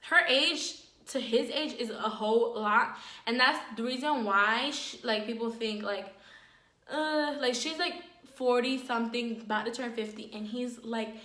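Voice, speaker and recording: A woman telling a personal story in a casual, animated vlog, full of fillers and dramatic retelling. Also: fairly high pitch, unhurried, echoey room. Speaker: storyteller, vlogger.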